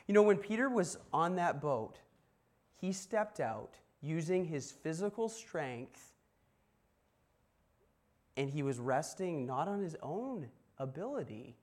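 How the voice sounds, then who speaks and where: Pastor guy preaching loose and chatty, kinda higher voice, talks right to the room. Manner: informal storytelling with asides to the congregation. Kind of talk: conversational sermon.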